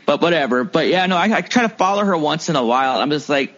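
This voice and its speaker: A man's voice: on the high side, animated, fast talker, fairly bright tone. A man, a comedian and filmmaker, rambling through stories in casual podcast chat, full of filler words and swearing. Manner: rambling storyteller, heavy filler words and profanity. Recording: muffled lo-fi recording.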